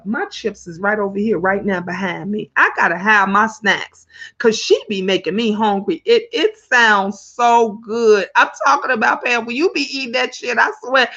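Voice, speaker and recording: A woman with a Chicago accent chats live with her viewers in a lively, animated way. Her voice sits a little high and she laughs often. The webcam audio is dull and lo-fi. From Illinois, USA. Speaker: livestream host. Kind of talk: casual livestream chat, reading comments aloud.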